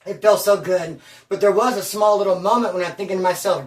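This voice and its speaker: A man from Bakersfield telling prison stories at home, animated and slangy, calling the listener bro and dude. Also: high voice, brisk, recorded from a distance. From Bakersfield, California. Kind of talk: casual storytelling. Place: at home, indoors. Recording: roomy room, from off mic.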